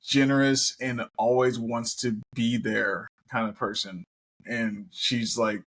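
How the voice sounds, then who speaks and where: A man co-hosting a podcast, telling stories in casual chat, animated and given to swearing. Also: medium pitch, a little slow, breathy edge. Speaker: podcast co-host.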